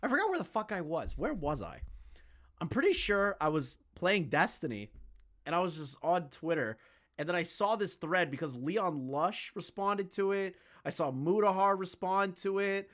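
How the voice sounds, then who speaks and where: A man's voice: high-pitched, big pitch swings, normal speed, fairly bright tone. A man hosting a casual commentary video, ranting to his chat in a profane, sarcastic and exasperated way.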